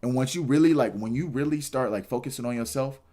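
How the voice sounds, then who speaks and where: A young man ranting on his livestream, exasperated and animated, repeating himself and shouting in disbelief. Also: mid-range voice, fast. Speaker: streamer. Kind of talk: casual livestream rant.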